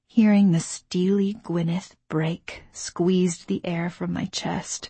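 A woman narrating a novel in the first person, measured and intimate, on a close studio mic. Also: lowish voice, flat delivery, vocal fry, dark tone, breathy edge, no room sound. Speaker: audiobook narrator.

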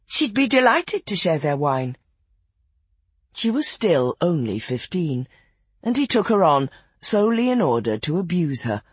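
Audiobook narrator, breathy husky tone, lively rising and falling pitch, dry close sound. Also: no echo.

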